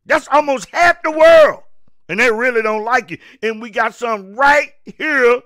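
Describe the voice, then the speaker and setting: A man ranting on his own show, voice pitched unusually high and bright. He preaches hard, stumbles over repeated words and breaks into shouts. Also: measured pace. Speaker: show host. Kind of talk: political rant monologue.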